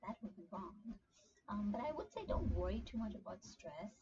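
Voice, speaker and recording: A language tutor runs a casual screen-share study session, talking through a beginner lesson in a chatty, rambling way full of fillers. Her voice is an ordinary pitch at normal speed but sounds dull and lo-fi. A steady hiss of background noise is clearly audible behind her.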